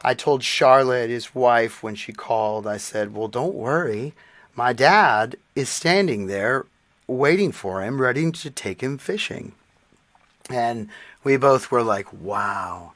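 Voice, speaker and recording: Male podcast co-host, forties, bright tense voice, dry close mic, earnest storyteller. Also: mid-range voice, animated, slow, no room sound. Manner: earnest storytelling, emotional tribute. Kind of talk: casual chat.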